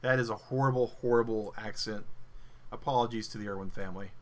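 A man's voice: lowish voice, steady tone, fast talker. A man hosting a gaming channel, joking and talking to himself as he plays, counting and planning aloud. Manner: jokey self-talk, thinks and counts aloud. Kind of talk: casual gameplay commentary.

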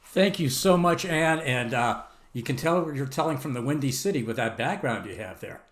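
Lively man emceeing, in an echoey room. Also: mid-range voice, moderate pace, slight background noise. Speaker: instructor and emcee. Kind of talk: introducing storytellers. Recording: roomy echo.

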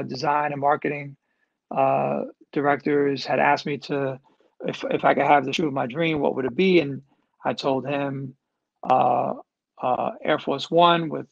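Gravelly, chatty man in his fifties. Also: on the high side, dry recording, dull audio. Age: 50s. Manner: loose, chatty, filler-heavy and energetic. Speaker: host answering audience questions. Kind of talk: casual live-streamed Q&A.

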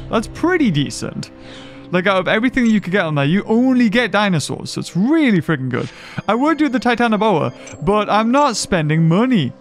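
A young man giving playful, excitable commentary on his own gameplay, joking and reacting as he goes. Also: sits high. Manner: playful, jokey, bursts of excitement. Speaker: gaming video host. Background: game music.

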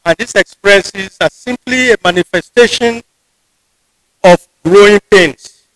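A man with a Nigerian English accent giving a formal convocation address in a measured, deliberate way, often restarting his phrases. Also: sits high, a bit bright, dry recording, rough recording. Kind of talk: formal ceremonial speech. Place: ceremony venue.

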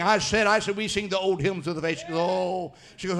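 Male pastor, high gravelly voice, fiery revival preaching. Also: a little fast. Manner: fiery, shouting and dropping low by turns. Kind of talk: sermon.

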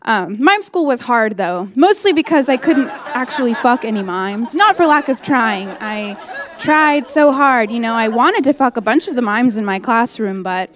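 Woman, thirties, stand-up comic, higher voice, deadpan confessional delivery. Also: some chatter behind, slight background noise. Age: 30s. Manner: candid, deadpan storytelling with quick voiced asides. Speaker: stand-up comedian. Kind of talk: stand-up comedy set.

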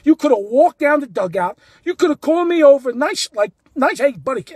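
A man telling a heated story about a ballgame as a fan, animated and indignant, cursing and repeating himself. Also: very high-pitched, fairly quick, no room sound. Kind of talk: heated first-person storytelling.

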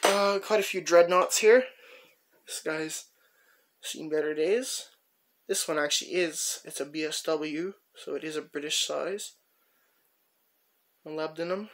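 Chatty gravelly man showing off tools. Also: fairly high pitch, fairly bright tone. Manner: rambling, chatty, many "uh" pauses while handling tools. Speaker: tool collector showing his finds. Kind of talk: casual show-and-tell narration.

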